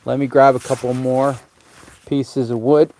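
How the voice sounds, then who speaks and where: Chatting in a relaxed way to viewers and his dog, a man vlogs by a campfire at a remote cabin, much like a casual live stream. His voice is mid-range, mellow, and unhurried, with a flat delivery.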